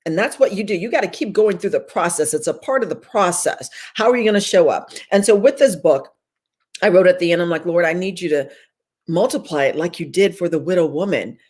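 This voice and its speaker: A woman's voice: lowish voice, lively intonation, fairly quick, darkish tone, breathy edge. A woman guest speaking over a video call, giving a fervent, preacher-like inspirational testimony and repeating phrases for emphasis.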